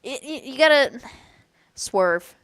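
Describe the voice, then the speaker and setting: Excitable young woman co-commentator, lively pitch. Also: smooth, no room sound. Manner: excitable and giggly, quick reactions. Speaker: esports co-commentator. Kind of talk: live color commentary.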